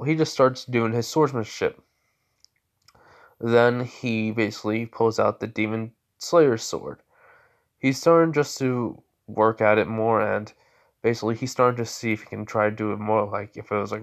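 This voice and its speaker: A man's voice: lowish voice, moderate pace. A man improvising a fan story aloud, rambling with many restarts.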